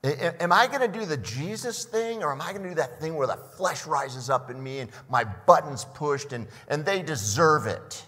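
A man's voice: on the high side, expressive, normal speed, few pauses, sharp tone, breathy edge, in a large hall. An older man preaching a sermon as a pastor, often repeating the first words of a phrase and asking the listeners questions.

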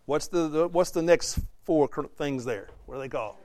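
Man teaching a lively Bible study. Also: fairly high pitch, normal speed, no echo. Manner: conversational, asks the class questions, acts out quotes.

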